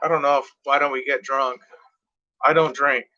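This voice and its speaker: A man's voice: medium pitch, level tone, normal speed, sharp tone, dull audio. A tired, yawning man rambling casually as he reads out track lists from his cassette tapes. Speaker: music collector reviewing cassette tapes.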